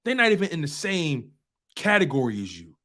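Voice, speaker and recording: Give me an animated man ranting as a sports talk host, with a fairly high voice. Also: fairly quick. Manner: animated, preachy, repeats phrases for emphasis. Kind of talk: casual sports talk rant.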